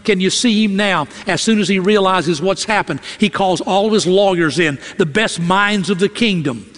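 A man's voice: sits high, normal speed, a bit bright, in a large hall. A male preacher delivering a sermon in a dramatic, emphatic storytelling style, often repeating lines for effect.

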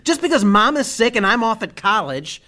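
An actor playing an angry, scolding older brother home from college. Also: male voice, high-pitched, very animated, normal speed.

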